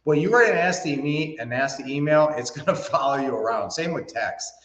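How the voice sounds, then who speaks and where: A man's voice: mid-range voice, lively intonation, a little fast, fairly bright tone. A man hosting a livestream, giving casual business advice in a folksy, rambling way with lots of fillers and restarts. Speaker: host. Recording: roomy, dull lo-fi sound.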